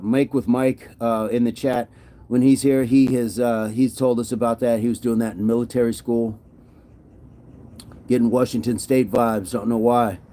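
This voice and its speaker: A man's voice: mid-range voice, mellow. A man hosting a fitness livestream, reading viewer comments aloud and answering them in a casual, encouraging, upbeat way. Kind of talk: casual live chat while working out.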